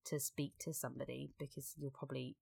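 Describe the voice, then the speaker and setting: A woman chats on a casual podcast in a low voice with a gravelly edge. She is candid and sweary and rambles through her points with restarts. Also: flat delivery, quick pace, mellow. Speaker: podcast co-host.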